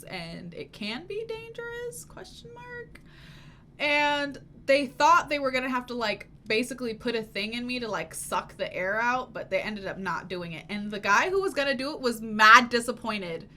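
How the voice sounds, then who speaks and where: A woman's voice: on the high side, pushed and bright. A young woman hosting a reaction video, telling a self-mocking story in casual talk and swearing freely. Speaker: reaction channel host.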